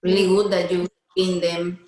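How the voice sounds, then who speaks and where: Halting woman student, echoey room. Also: on the low side, little pitch movement, a little mellow. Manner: searches for words, halting answers. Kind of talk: class discussion. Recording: echoey room with faint noise.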